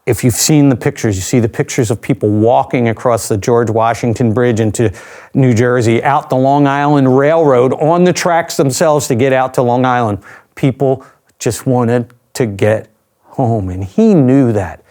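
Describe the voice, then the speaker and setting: A man's voice: mid-range voice, normal speed, dark tone. Older man recounting a personal story. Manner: reflective, conversational, with dry asides. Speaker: interview guest.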